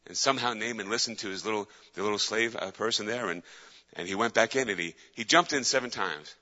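Fervent male preacher, dramatic storyteller; bright, forceful tone, dull lo-fi recording. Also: medium pitch, expressive, fairly quick. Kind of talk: sermon. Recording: dull lo-fi with long hall reverb.

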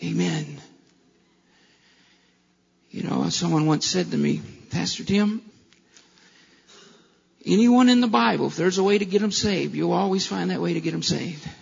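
A man's voice: high voice, a little slow, creaky, long pauses, husky. A male pastor preaching a sermon with impassioned delivery and rhetorical questions, in a church. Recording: long hall reverb, dull lo-fi sound.

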